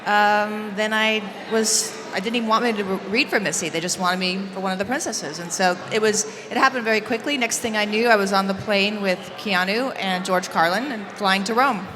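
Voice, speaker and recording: A woman from Idaho on a convention panel, telling anecdotes in a relaxed, halting way. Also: medium pitch, a crowd in the background. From Idaho, USA. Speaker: panel guest. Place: large convention hall. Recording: echoey hall with background noise.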